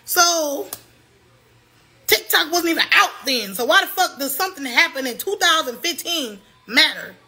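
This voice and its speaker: A young woman vents to her livestream viewers in a heated, loud, profane rant. Her voice sits high and sounds bright and sharp. She repeats herself again and again as she pushes her point. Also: lively intonation, moderate pace.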